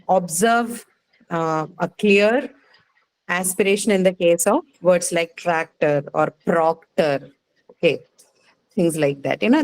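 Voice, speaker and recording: A woman's voice: lowish voice, a little mellow, rough recording. A woman teaching phonetics in a classroom, explaining step by step and checking in with "right?". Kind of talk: classroom lecture.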